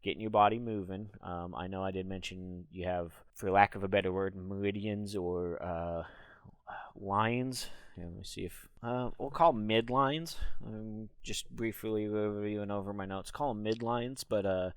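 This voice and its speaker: A man streaming a casual solo talk, rambling and breaking into loud laughs to demonstrate. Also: fairly low pitch, fairly even intonation, moderate pace, clean tone, dry recording.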